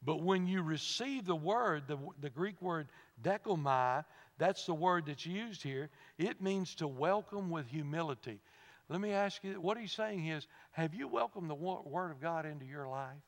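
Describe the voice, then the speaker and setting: Male preacher, slightly high voice, folksy and conversational, long church reverb. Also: expressive, moderate pace. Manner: conversational, asks the congregation questions, laughs at his own stories. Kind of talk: sermon.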